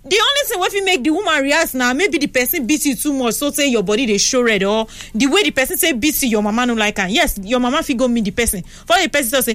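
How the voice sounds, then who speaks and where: A young Nigerian woman hosting a radio talk show, chatting and telling stories in an animated way on a studio mic. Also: high-pitched, quick pace, few pauses, no room sound. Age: young adult. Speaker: radio host. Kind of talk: casual radio talk and storytelling. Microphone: studio microphone.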